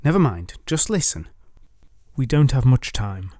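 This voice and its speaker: Rhiannon, a sharp-tongued noblewoman, as a man puts her on. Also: medium pitch, very animated. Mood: exasperated. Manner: scolding, brisk and commanding. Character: sharp-tongued exasperated noblewoman, scheming and cool.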